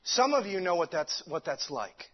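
A man's voice: sits high, big pitch swings, moderate pace. A man preaching a sermon with fervent delivery, stumbling over restarts and many fillers. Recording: dull lo-fi recording.

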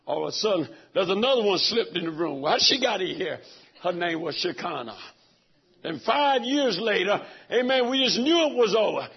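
A middle-aged man preaching a sermon, telling a personal story with great emotion, dropping to a hush and rising to shouts. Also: high voice, big pitch swings, normal speed, creaky, husky. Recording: dull lo-fi recording.

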